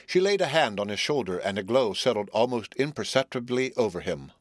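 A man reading a story aloud as narrator, in a measured, even way. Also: on the low side, dry recording, clean studio sound. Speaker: audiobook narrator. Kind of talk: scripted narration.

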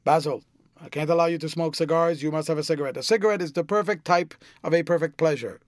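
A man's voice: on the high side, fast, dry recording, clean studio sound, natural voice. A man playing a languid, cynical aristocrat. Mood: lively. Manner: drawling epigrams, airy and amused.

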